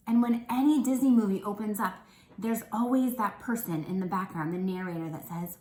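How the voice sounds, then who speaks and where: A woman's voice: medium pitch, brisk, a little mellow, reverberant, low-quality recording. A woman teacher giving a lesson to young children, encouraging and checking in often. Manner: encouraging, checks in with frequent "okay?".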